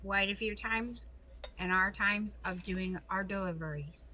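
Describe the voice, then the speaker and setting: A woman playing at a tabletop game, chiming in briefly in an easy-going way. Her voice sits at an ordinary pitch, and a faint hiss lies under it. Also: a little slow. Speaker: player. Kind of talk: casual tabletop play.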